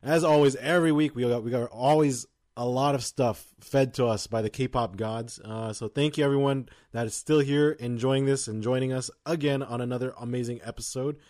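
A young man co-hosting a podcast with an easygoing, loose way of talking, full of fillers and laughter. His voice sits in a middle pitch. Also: steady tone, moderate pace, hardly any pauses, a little mellow. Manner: laid-back, laughs often, loose filler-heavy talk. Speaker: podcast co-host. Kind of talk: casual chat.

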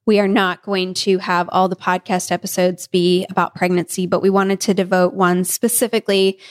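Pregnant woman telling a lively story. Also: on the low side, moderate pace. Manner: animated, laughing often, acting out family members' lines. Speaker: podcast co-host. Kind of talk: casual storytelling chat.

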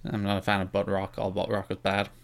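A man co-hosting a podcast in casual chat, talking quickly and restarting his sentences often. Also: deep voice, monotone, vocal fry. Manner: quick, self-interrupting talk with frequent restarts. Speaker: podcast co-host.

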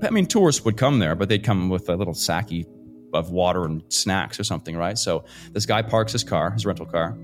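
A man from Canada, a podcast guest, telling a story in a lively, casual way with fillers and casual swearing. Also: sits low, a little fast, faint music behind. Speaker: guest adventurer. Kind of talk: animated storytelling.

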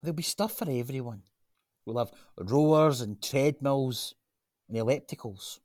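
With a mid-range, natural voice and a slightly slow pace, a man acts in a radio drama recorded in clean studio sound without echo. His character is an earnest Glaswegian man, grandson of a chip-shop cook, trying to sell people on a gym, and he comes across as persuasive, earnest and animated.

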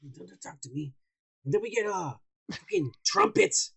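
A man co-hosting a podcast, loud and profane, who teases and shouts through drunken banter. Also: high-pitched, lively intonation, fairly quick, gravelly, breathy edge. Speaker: podcast co-host.

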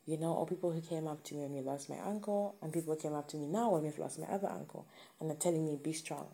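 A woman's voice: low voice, fast, vocal fry, mellow. A woman giving an earnest, emphatic motivational talk to camera, repeating her key points.

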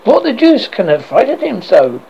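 A brisk, no-nonsense young student who talks bluntly, as a man voices him. His voice sits high with a rough edge. The recording sounds dull and lo-fi. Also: huge pitch swings, dark tone, slight background noise, heavily acted.

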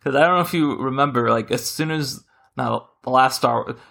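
A man hosting a casual podcast chat, rambling and correcting himself as he talks with animated shifts. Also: mid-range voice, brisk, gravelly. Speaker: podcast host.

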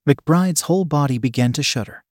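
A man narrating a first-person story in a steady, even storytelling manner. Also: fairly high pitch, brisk, no room sound, clean studio sound.

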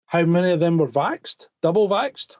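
High-voiced man, blunt co-host. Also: expressive, moderate pace, a little mellow, no room sound, dull audio. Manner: blunt, swearing, teasing. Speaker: podcast co-host. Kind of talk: casual chat.

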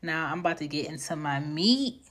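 A woman's voice: low-pitched, lively intonation, moderate pace, a bit bright. A woman in her thirties hosting a podcast, giving life advice in a casual, blunt and profane way. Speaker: podcast host.

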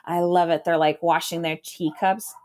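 A woman's voice: fairly low pitch, level tone, moderate pace, darkish tone. A woman co-hosting a casual podcast chat, enthusiastic and gushing. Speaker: podcast co-host.

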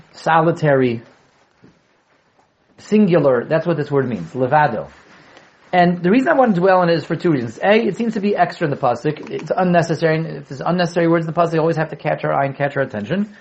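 Teacher type: man with a high voice, lively and quizzing the class, dull lo-fi sound. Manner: animated, repeats key words, asks the class questions, joking asides. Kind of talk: Torah class lecture to students.

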